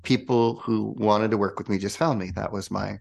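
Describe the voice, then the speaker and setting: A man with a low, gravelly voice tells his story in a relaxed interview. He is a spiritual coach, animated and chatty, and he acts out the voices of the people he quotes. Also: moderate pace. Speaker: guest, spiritual coach and channel.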